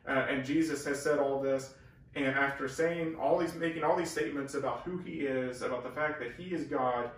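A man's voice: medium pitch, steady tone, normal speed. A man teaching the Bible in a casual, earnest way, explaining and leaning hard on key words. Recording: very echoey room, far from the mic.

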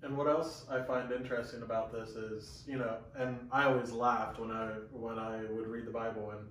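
A man co-hosting a casual church talk, relaxed and chatty with restarts, recorded on a camera mic from far off. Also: medium pitch, moderate pace. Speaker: co-host of a Bible teaching talk. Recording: echoey room from far off with faint hiss.

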